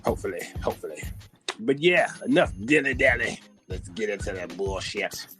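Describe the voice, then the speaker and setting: A man hosting a podcast from a studio, talking loud and hyped in casual chat and swearing freely. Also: fairly low pitch, lively intonation, moderate pace, faint music behind. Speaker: podcast host. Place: recording studio.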